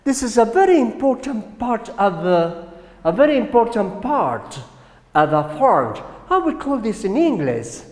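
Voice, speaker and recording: A man with a Colombian Spanish accent, a native Spanish speaker, teaching a slow classroom English lesson and often checking with "right?". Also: high voice, big pitch swings, a little mellow. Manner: slow, repeats words and asks "right?". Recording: echoey room with long reverb.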